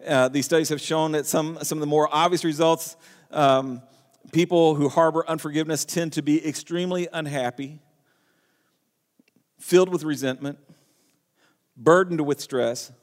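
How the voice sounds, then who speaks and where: A man's voice: a little high, fairly even intonation, moderate pace, long pauses. A man preaching a sermon in earnest, reading scripture aloud and often restarting his phrases. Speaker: pastor. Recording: long hall reverb.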